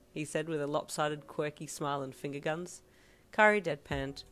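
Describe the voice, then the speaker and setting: Low-voiced woman reading fan fiction. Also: steady tone, normal speed, fairly bright tone. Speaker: reader.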